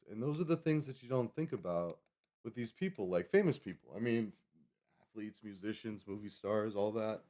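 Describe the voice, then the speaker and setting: A man in his thirties speaks at normal speed in a warm, medium-pitched voice. Chatting casually on a live stream, he wanders across topics and corrects himself as he goes.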